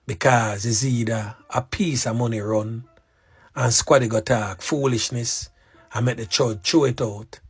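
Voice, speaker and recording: A man delivers news commentary slowly and deliberately, his voice a bit husky. The sound is dry and close, with faint music underneath. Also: mid-range voice, no room sound.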